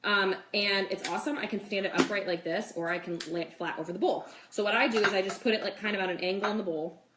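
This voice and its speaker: A woman's voice: mid-range voice, fairly bright tone. A young woman hosting a casual cooking demo in her home kitchen, chatting with viewers and saying "like" and "okay" a lot. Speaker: cooking show host. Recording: echoey kitchen with faint noise.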